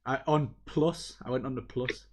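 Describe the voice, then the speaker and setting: A man hosting a casual livestream chat, excitable and rambling, poking fun at himself. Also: medium pitch, moderate pace, slight background noise. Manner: excitable, rambling, self-mocking. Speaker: livestream host.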